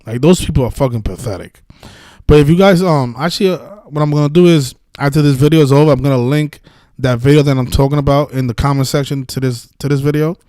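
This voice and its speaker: A man's voice: a little high, fast, dark tone, no echo. A man hosting a casual live-stream about sports betting, talking in a heated, profane, rambling way with many restarts. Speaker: sports betting video host.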